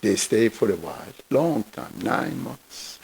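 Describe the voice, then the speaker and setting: A sorrowful older little male creature from a spoken parable, as a man puts him on, resigned to loss. His voice is gravelly and husky, and he speaks slowly. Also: fairly low pitch, lively intonation, a little mellow, heavily acted, poor audio. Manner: mournful, resigned. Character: sad older tiny womb-dweller, male.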